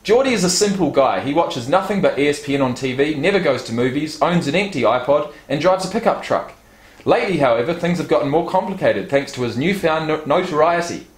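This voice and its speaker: Male vlogger, casual and chatty, slightly high voice, roomy echoey room. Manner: chatty, reads card stats aloud, swears casually. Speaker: YouTube vlogger. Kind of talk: casual unboxing vlog. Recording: roomy echo.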